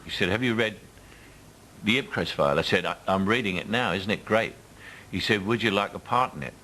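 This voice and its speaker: An older Cockney man with a low voice, spinning anecdotes in a relaxed interview. He drops into other people's voices whenever he quotes them. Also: fairly quick, slight background noise, poor audio. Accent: Cockney London. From England. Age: 70s. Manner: storytelling, mimics others in quotes. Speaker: interviewee actor. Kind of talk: casual anecdotal chat.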